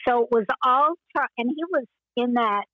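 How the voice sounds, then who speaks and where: An older woman and former child actress, telling stories in an interview with meandering pauses and frequent laughs. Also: a little high, no echo, phone-quality sound. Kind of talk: reminiscing interview.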